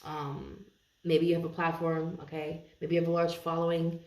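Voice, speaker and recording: A woman giving a casual tarot reading to her viewers, chatty, laughing often and thinking aloud with many pauses and restarts. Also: deep voice, flat delivery, a little mellow. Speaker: tarot reader. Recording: roomy echo.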